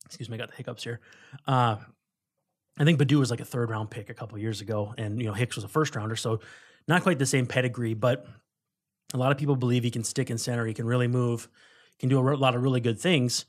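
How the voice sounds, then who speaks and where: Podcast co-host, male, digressive casual sports talk, mid-pitched voice. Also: fairly even intonation, fast talker. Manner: rambling, digressive, self-correcting.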